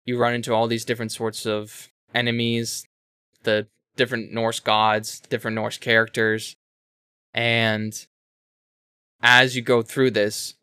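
Bright-voiced man rambling excitedly. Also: lowish voice, clear, resonant tone, dry recording, clean studio sound. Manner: rambling, animated retelling with self-corrections and swearing. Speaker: podcast co-host explaining a game. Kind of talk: casual chat.

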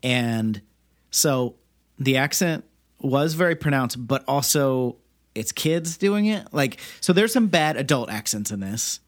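A man co-hosting a podcast, explaining movie details in a relaxed, casual way with lots of fillers. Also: medium pitch, unhurried, dry recording, clean studio sound. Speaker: podcast co-host.

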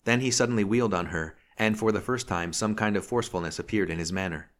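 A man reading a novel aloud as an audiobook narrator, in a measured, even way. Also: on the low side. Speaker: audiobook reader. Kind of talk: scripted narration.

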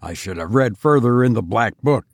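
A man's voice: medium pitch, expressive, moderate pace, no room sound, clean studio sound, close to an everyday voice. A man voicing an obsessed, half-mad male explorer who talks harshly and broods over a cursed jewel. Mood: muttering.

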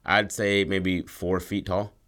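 Podcast co-host, deep-ish voice, loose profane storyteller. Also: male voice, flat delivery, slow pace, fairly bright tone. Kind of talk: casual chat, pitching a story idea.

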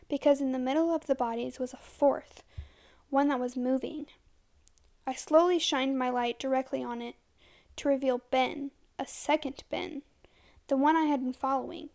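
A woman reading a first-person horror story as scripted narration, dramatic and slowing to a hush at tense moments. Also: sits high, fairly even intonation, creaky.

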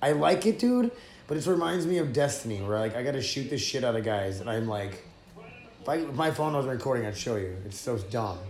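A man's voice: medium pitch, animated, a little fast, darkish tone. Swearing, rambling man in an echoey room. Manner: loose, profane, rambling gamer talk. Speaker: podcast host. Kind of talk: casual chat.

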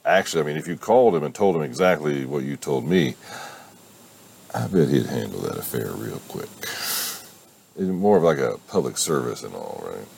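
A man's voice: rumbling low, big pitch swings, moderate pace, gravelly, darkish tone, slightly rough, full character voice. A man voicing a young woman who jokes and cheers on her friend. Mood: upbeat. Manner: upbeat, joking.

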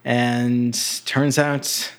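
A man's voice: medium pitch, very slow. A man co-hosting a podcast, casually recapping a TV episode with plenty of fillers. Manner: relaxed, loose recap full of fillers and laughs. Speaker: podcast co-host.

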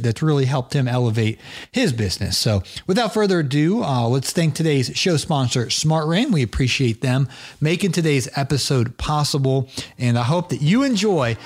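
A man's voice: mid-range voice, darkish tone. A man hosting a podcast, talking in a loose, friendly and teasing way, full of fillers and restarts. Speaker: podcast host. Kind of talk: casual podcast chat. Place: in Georgia.

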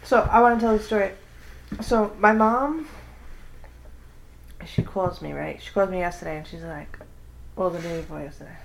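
A woman telling a story in casual chat, acting out quoted lines with big jumps in pitch. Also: normal speed, gravelly, long pauses, slight background noise.

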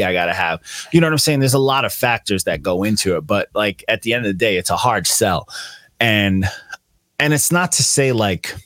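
A young man with a lowish voice co-hosts a podcast, casually chatting about albums he's reviewing. He's laid-back, slangy and profane, rambling along with plenty of fillers, and the recording is dry with clean studio sound.

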